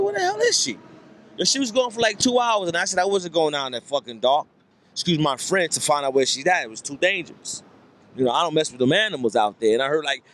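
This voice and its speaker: On a comedy club stage, a male stand-up comedian tells a rambling story full of repeated lines and voiced quotes. His voice is fairly high-pitched with a fairly bright tone.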